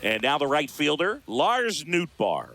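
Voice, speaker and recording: A man voicing a male baseball play-by-play announcer for a video game, calling each pitch crisply and excitably. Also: unhurried, heavily acted. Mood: lively. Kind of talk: scripted video game commentary. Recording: game audio with background noise.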